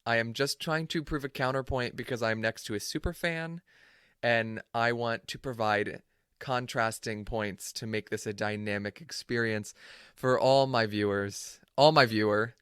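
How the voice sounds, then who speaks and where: A man hosts a podcast in a loose, casual chat, playful and quick to poke fun at himself and his guest. His voice sits at a middling pitch for a man. The recording is dry, close and free of room sound. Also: steady tone, sharp tone, smooth, dry recording. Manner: playful, self-mocking, teasing. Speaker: podcast host.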